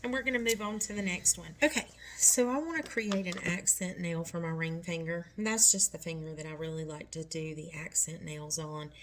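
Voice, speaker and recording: A woman's voice: on the low side, fairly even intonation, brisk, few pauses, fairly bright tone, slight background noise. A middle-aged woman talking through a nail tutorial step by step, chatty and reassuring.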